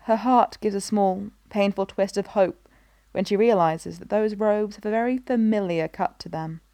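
A woman reading a story aloud in an even, measured narration. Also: mid-range voice, no echo, clean studio sound. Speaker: reader. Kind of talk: scripted narration of a fan story.

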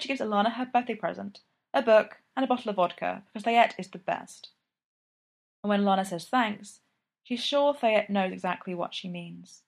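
A woman calmly reading a story aloud in an even narrating voice. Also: mid-range voice, creaky. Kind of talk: fan fiction reading.

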